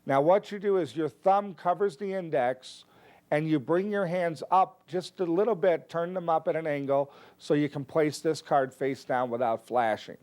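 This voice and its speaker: A man teaching a card trick, calmly explaining each move step by step and acting out his stage patter. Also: fairly high pitch, moderate pace. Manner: relaxed, explanatory, steps through moves one by one. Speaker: magic teacher. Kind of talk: instructional explanation with performed patter.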